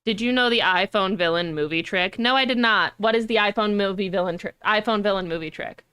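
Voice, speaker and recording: A young woman streamer chatting casually, animated and rambling, with frequent swearing. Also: medium pitch, fairly quick, clean tone.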